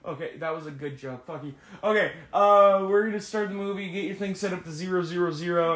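A man in his twenties doing a casual movie commentary, joking and swearing and breaking into loud laughing shouts. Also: sits high, fairly quick, few pauses, echoey room. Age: 20s. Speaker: podcast host.

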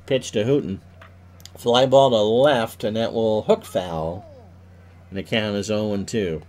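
A man calls play-by-play alone for a simulated baseball game, sounding stuffy from sneezing. He gets loud when there's a big hit and drops his voice low for asides.

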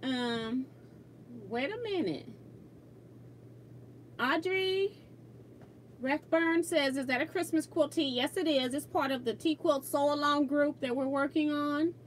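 A high-voiced woman chats casually while she sews on a livestream, laughing easily and reading out viewer comments. Faint room ambience sits behind her voice, picked up by a simple streaming mic. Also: measured pace, long pauses, slight background noise. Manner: chatty, laughs often, reads viewer comments aloud. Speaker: quilting livestream host.

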